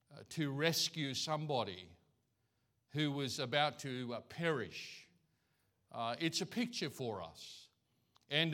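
Bright-voiced man preaching a sermon. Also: on the high side. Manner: anecdotal, folksy storytelling. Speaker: pastor. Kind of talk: conversational sermon. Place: church.

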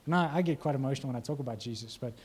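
A man's voice: medium pitch, racing, breathy edge. A male preacher giving a conversational sermon, often asking the congregation questions.

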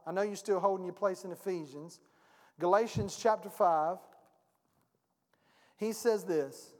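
A man preaching a sermon as pastor, with a call-and-response delivery that swings from hushed to shouting. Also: sits high, a little slow. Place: church sanctuary. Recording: long hall reverb.

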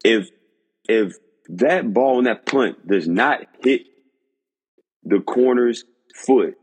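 Incredulous husky man ranting about football. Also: mid-range voice, takes it slowly, long pauses, big-room sound. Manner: incredulous, repetitive, emphatic. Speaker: podcast host. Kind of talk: sports podcast rant.

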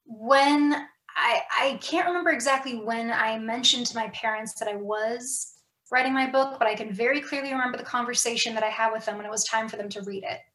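A woman's voice: a little high, brisk, bright, forceful tone, reverberant, low-quality recording. A woman talking candidly and reflectively as an author guest in a casual podcast conversation, with many fillers and restarts.

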